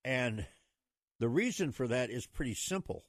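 A man hosting a talk radio show, folksy and emphatic, prone to rambling. His voice sits in a middle pitch and the recording is dry and close. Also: animated, normal speed, no echo.

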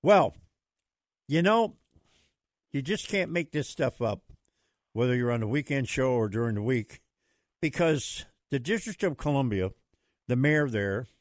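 Booming, dry-voiced talk radio host. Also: male voice, lively intonation, a little slow, long pauses, no room sound. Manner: booming, theatrical announcer delivery with shouted flourishes.

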